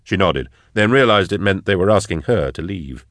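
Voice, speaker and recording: A man reading a novel aloud as an audiobook, narrating in a measured, quiet way. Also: low-pitched, animated, dry recording, studio quality.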